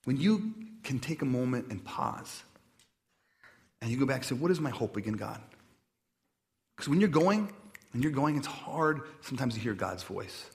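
A man delivering a sermon in a casual, conversational way, with self-deprecating stories and many asides, often dropping quiet and slow on reflective points. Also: mid-range voice, big pitch swings. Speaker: pastor.

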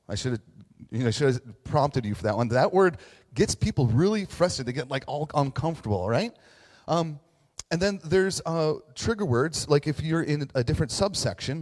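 A man's voice: medium pitch, a little mellow, in a large hall. A middle-aged man preaching a casual, conversational sermon as a pastor, joking at his own expense with lots of fillers and tag questions. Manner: chatty, self-deprecating, frequent fillers and "right?".

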